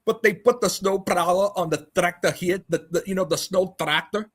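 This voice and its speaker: A man doing a mocking impression of a dim-witted flat-earther who stumbles over his words in a raised voice. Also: high-pitched, moderate pace, slightly rough, pitched above the performer's own voice. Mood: bumbling.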